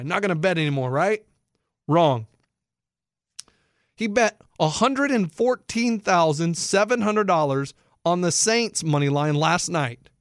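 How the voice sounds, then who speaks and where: A man hosting sports talk, animated and incredulous as he explains bets to listeners. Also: high-pitched, no echo, clean studio sound. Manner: excitable, incredulous, explains for non-bettors. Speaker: sports radio host.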